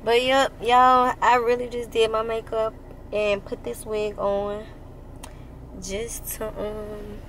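Sleepy woman vlogging in her car at night, slow drawl, lots of slang, noisy background. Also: a little high, level tone, a bit bright. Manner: casual, slangy and chatty, drawling tired speech. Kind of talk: casual vlog chat.

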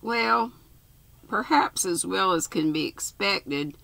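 An older woman reading aloud, voicing a brisk, cheerful middle-aged woman who runs a care home, in a comfortable tone. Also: mid-range voice, expressive, creaky, sharp tone, no room sound, heavily acted. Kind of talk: storybook reading.

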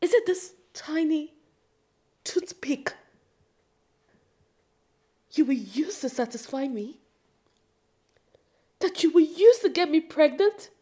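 An actress playing a furious, betrayed young wife who accuses and shouts. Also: female voice, high voice, animated, slow pace, pauses often. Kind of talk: film drama acting.

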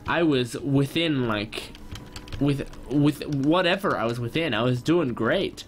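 Excitable young man narrating gameplay. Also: slight background noise. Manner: excitable, quickly frustrated, jumps high when upset. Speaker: gaming channel host. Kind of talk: gameplay commentary.

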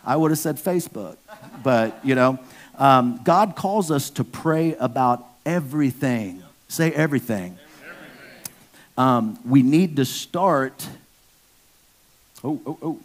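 A man's voice: medium pitch, animated, takes it slowly, long pauses. A man preaching a casual sermon, slangy and joking, talking straight to the congregation. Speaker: pastor.

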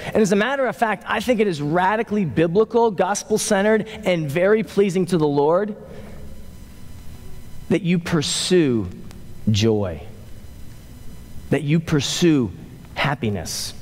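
A man preaching a sermon as pastor, animated, with loose conversational fillers, rising for emphasis and dropping low to slow down. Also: in a large hall. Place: church sanctuary.

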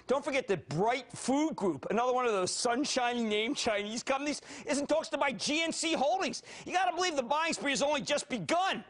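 A man in his fifties with a Philadelphia accent delivers high-energy financial TV commentary. His voice sits very high and leaps wildly up and down. He is theatrical and bursts into shouts between quick jokey asides. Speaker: TV market commentator.

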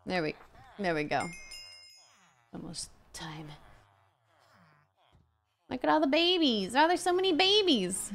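A woman's voice: sits high, big pitch swings, measured pace, creaky, long pauses, soft background music. A young woman streaming a game live, chatting playfully with viewers and thanking them for support. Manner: playful, talks to viewers and game characters, reads out donations. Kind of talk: casual live-stream chat while gaming.

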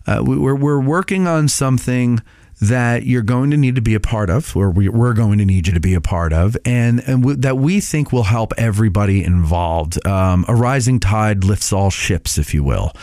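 A man with a fairly low voice talks through a casual podcast update. He rambles, stops and restarts often, and fills gaps with "uh" and "um". The recording is dry and close, with no room sound. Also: a little mellow, no echo. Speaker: podcast host.

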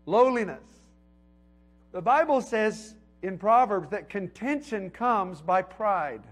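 A middle-aged man preaching a sermon in a conversational way, building to emphatic peaks and then dropping low and quiet. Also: expressive, slow, faint music behind. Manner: conversational preaching with emphatic swells and soft drops.

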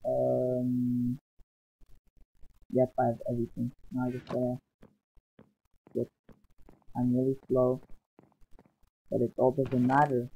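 A man hosting his gaming channel, giving casual, rambling commentary over his gameplay and often exclaiming with excitement. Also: medium pitch, gravelly, husky. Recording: dull lo-fi sound. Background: faint background music.

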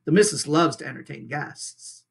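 A teacher reading aloud and voicing a grumpy, stubborn male beaver who mutters in a lower, quieter voice. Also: moderate pace, creaky, breathy edge.

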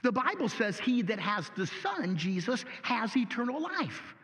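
High-voiced male pastor, lively and folksy in delivery, with long church-hall reverb. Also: measured pace. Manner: animated, folksy, rhetorical questions. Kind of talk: sermon.

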